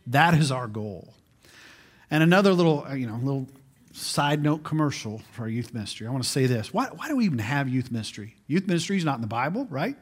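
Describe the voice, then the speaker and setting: A man in his forties preaching a sermon in a conversational way as pastor, often repeating words as he restarts. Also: medium pitch.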